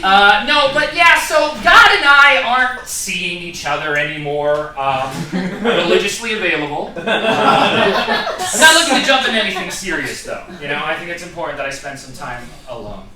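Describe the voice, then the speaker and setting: Male stand-up comic, high and animated, distant stage mic in a roomy hall with audience laughter. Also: normal speed, heavy background noise. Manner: animated, acts out characters in shouted voices. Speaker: stand-up comedian. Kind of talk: stand-up comedy set. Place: theatre stage with live audience. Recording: echoey theatre, distant mic, crowd laughter.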